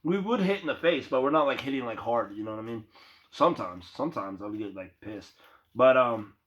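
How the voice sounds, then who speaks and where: A man's voice: medium pitch, animated, a little fast, a bit bright. A young man in a loose, profane, rambling vlog monologue, talking casually to his viewers. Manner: loose, profane, slangy, calls viewer bro. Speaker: vlogger. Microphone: phone. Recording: dull lo-fi phone audio.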